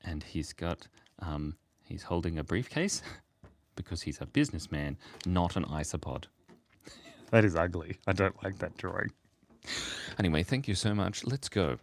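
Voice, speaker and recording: A man's voice: sits low, lively intonation, normal speed, vocal fry, a little hiss or hum. A man chatting casually while he draws on a live stream, playful and rambling, laughing often at his own jokes. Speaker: streamer drawing for chat.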